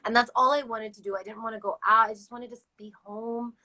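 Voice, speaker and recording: A woman recounting a personal experience as an interview guest, animated and acting out other people's lines. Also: a little high, fast, rough recording. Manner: animated, acts out voices in quotes.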